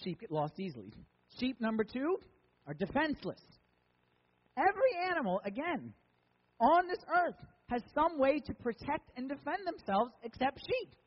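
A man's voice: very high voice, very animated, moderate pace, husky, big-room sound, muffled recording. A man preaching as a pastor, conversational and joking with emphatic lines. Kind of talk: sermon.

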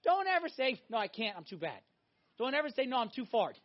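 A man preaching a sermon, emphatic and animated, swinging between loud exhortation and hushed intensity. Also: very high-pitched, a little fast. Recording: dull lo-fi recording.

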